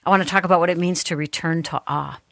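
A woman's voice: on the low side, fairly even intonation, fast, vocal fry, a bit bright, no room sound. Earnest woman radio host, dry studio sound. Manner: earnest, heartfelt, a little teary. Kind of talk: faith talk radio teaching. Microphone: studio microphone.

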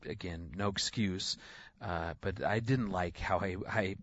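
A man's voice: sits low, measured pace, highs cut off, slight background noise. A man, a guest on a radio show, speaking earnestly about parenting, with frequent restarts. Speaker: guest, marriage and family counselor. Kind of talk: radio interview.

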